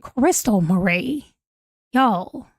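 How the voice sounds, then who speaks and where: A woman's voice: medium pitch, lively intonation, drawn-out words, no room sound, studio quality. A woman, chatting casually on a livestream at home, giggling as she reacts to viewer comments. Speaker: livestream host. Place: home room, holding a pet.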